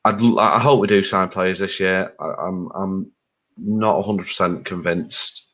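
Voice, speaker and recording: A man with a very low voice gives his candid, rambling view in a casual fan discussion. The audio is dull and lo-fi. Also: steady tone, measured pace, a bit bright. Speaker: fan pundit.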